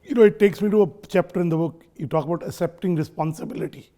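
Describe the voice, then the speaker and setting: A male interview host with a mellow, slightly high voice asks his questions in a measured, thoughtful way. He speaks in a relaxed, conversational manner.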